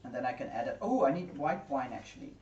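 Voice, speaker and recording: A woman chats easily as she cooks, reading out viewer messages and laughing along. Her voice comes from across a kitchen, sounding distant and roomy. Pots, dishes and drawers clatter clearly behind her. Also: extremely low pitch, lively intonation, quick pace, warm tone, lo-fi sound, slight background noise. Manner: chatty, reads chat aloud, laughs easily. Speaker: livestream co-host. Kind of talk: casual chat while cooking. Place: home kitchen. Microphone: distant room mic. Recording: echoey kitchen from far off, clattering pans.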